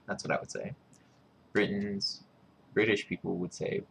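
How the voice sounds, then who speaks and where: A man's voice: fairly low pitch, normal speed, gravelly, long pauses, a bit bright, a little hiss or hum. A man thinking aloud casually, musing and repeating words over and over to test how he pronounces them. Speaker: video creator.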